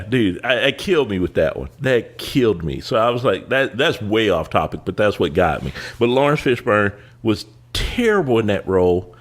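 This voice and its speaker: Animated, swearing man telling stories. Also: lowish voice. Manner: animated storyteller, swears casually. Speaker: podcast host. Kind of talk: casual chat.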